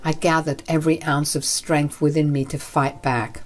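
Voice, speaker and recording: A woman's voice: deep voice, flat delivery, normal speed, few pauses, faint music behind. A woman narrating a first-person drama story in an earnest, dramatic manner.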